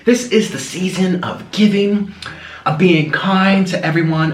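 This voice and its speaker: In an echoey room with faint noise, a male food vlogger eats and talks casually to the camera in mukbang style. His voice is high-pitched and his pace measured, and he chats easily, cooing at his pet between bites.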